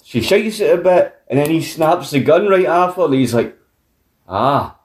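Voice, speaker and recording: A Scottish man co-hosting a film review podcast, retelling scenes in an animated, sweary way. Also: fairly high pitch, moderate pace. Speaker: podcast co-host. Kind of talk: casual film review chat. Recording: roomy echo.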